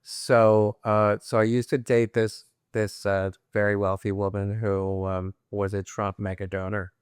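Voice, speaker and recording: Animated man telling a wild story. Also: lowish voice, measured pace, clean tone, no room sound, clean studio sound. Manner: animated anecdote-teller, quoting others in voices. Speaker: guest. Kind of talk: casual storytelling chat.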